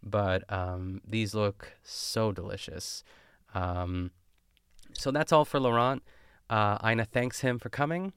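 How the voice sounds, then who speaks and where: A man's voice: on the low side, slow pace, a bit bright, smooth, dry recording, studio quality. A young man casually chatting and rambling as a podcast host, recapping a cooking show with lots of fillers and tangents. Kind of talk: casual chat.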